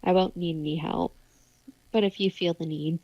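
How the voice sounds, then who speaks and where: A woman's voice: fairly low pitch, steady tone, moderate pace, dry recording. A woman voicing a proud, hulking female cat-folk barbarian who speaks curtly and coldly. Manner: curt, cold. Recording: muffled, with music.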